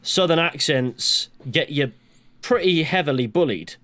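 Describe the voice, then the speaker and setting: A man's voice: a little high, expressive, unhurried, a bit bright, dry recording. A young man with a mix of West Country and northwest English accents, chatting casually and rambling as a podcast co-host, swearing freely. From West Country, England.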